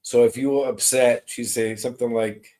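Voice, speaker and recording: A man working as a medium on a live stream, greeting viewers by name and describing spirit messages in a soft, reassuring way. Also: medium pitch, fairly even intonation, normal speed, poor audio.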